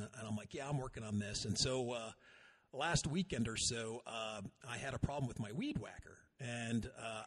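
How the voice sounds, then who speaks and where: Husky man telling a rambling story. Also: medium pitch. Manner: rambling, self-deprecating, laughs at himself. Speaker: podcast co-host. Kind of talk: casual chat, storytelling.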